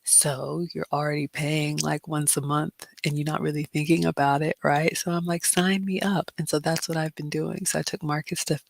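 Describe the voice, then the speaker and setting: With a low, creaky voice on a dry recording, a middle-aged woman who is an immigrant runs a casual livestream Q&A. She gives advice in a chatty way, using lots of fillers.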